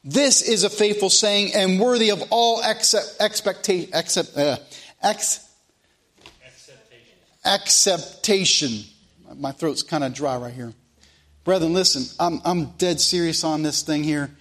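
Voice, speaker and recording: A man's voice: high voice, unhurried, fairly bright tone. A man preaching a sermon, folksy and repeating phrases for emphasis.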